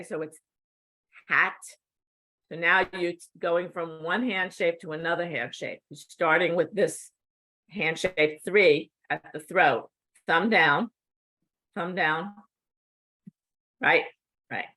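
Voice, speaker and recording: Middle-aged woman teaching slowly and patiently, a bit low pitched, keeps asking okay?. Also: fairly bright tone. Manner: slow, patient, checks in with "okay?". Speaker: cued speech instructor. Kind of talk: instructional demonstration.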